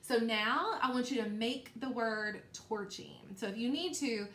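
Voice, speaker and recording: A woman teacher leading a recorded phonics lesson for young children, slow and encouraging, repeating sounds for them to echo. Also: a little high, fairly bright tone, a little hiss or hum.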